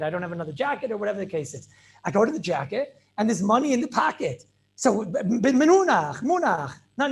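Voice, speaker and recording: A man's voice: high-pitched, gravelly. A man teaching a Talmud class over a video call as a rabbi, emphatic and repetitive, with Hebrew and Yiddish terms mixed into his English. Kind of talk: animated Torah lecture.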